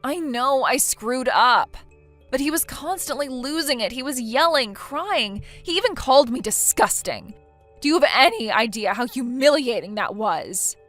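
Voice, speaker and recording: A woman's voice: sits high, animated, normal speed, fairly bright tone, soft background music. A synthetic woman's voice playing a naive, self-pitying young wife who pleads and hesitates in a text-message story. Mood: pleading. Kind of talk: text-to-speech text story narration.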